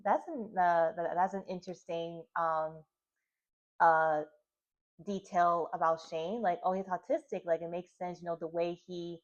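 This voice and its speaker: A woman's voice: lowish voice, steady tone, unhurried, muffled recording. A woman casually recapping a series for her video channel, rambling and filling with "like" and "you know". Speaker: reaction vlogger.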